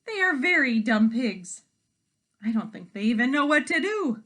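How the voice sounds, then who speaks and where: A woman voicing a fussy, bossy hen in a storybook read-aloud, shrill and scolding. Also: very animated, measured pace, a bit bright, exaggerated voice.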